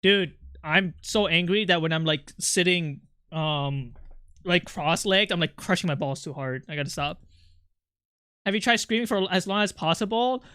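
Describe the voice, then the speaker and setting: A man's voice: high-pitched, normal speed, pushed and bright, smooth, dry recording, clean studio sound. A young man streaming his art, chatting casually with his chat in an irritable, snappy way, swearing and venting.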